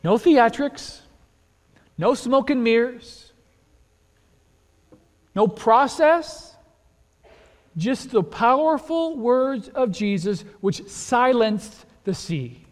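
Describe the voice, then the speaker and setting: A male pastor preaching a sermon in a church, conversational and animated, full of rhetorical questions and repeated words. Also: very high-pitched, very slow, long pauses. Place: church sanctuary. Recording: long reverb of a large hall.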